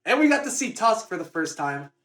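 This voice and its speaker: A man's voice: high voice, big pitch swings, a little fast, fairly bright tone. A man co-hosting a casual book club podcast, rambling and correcting himself as he talks. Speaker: podcast co-host. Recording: echoey room on a phone.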